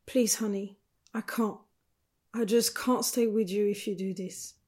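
A woman reading the lines of a tender but firm woman ending a relationship, in a soft pleading way. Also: medium pitch, fairly even intonation, unhurried, lightly acted.

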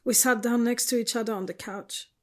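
A woman narrating a novel in the first person, quiet, measured and sorrowful. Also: on the high side, steady tone. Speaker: audiobook narrator.

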